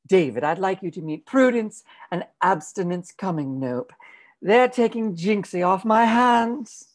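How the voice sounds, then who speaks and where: A woman's voice: mid-range voice, animated, measured pace, natural voice. A woman playing a wealthy, frail, melodramatic aunt in a wheelchair, reading a comic play over a video call. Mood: gracious. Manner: genteel, melodramatic, fussy.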